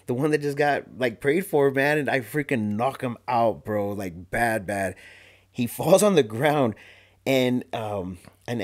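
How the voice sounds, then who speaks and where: A man guest on a podcast telling a story in a casual, animated way, full of slang, fillers and restarts. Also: mid-range voice. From Arizona.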